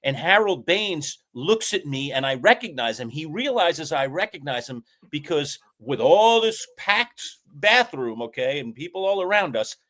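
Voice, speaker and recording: A man's voice: on the high side, big pitch swings, moderate pace, hardly any pauses, a bit bright. A man hosting a talk show, telling a story in a casual chat with long, emphatic asides. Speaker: host.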